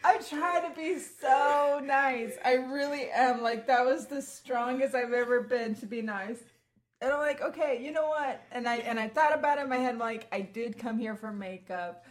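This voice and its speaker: Brief: twenties woman, high-pitched, lively casual storyteller who acts out every quote. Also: moderate pace. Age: 20s. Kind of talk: casual podcast chat.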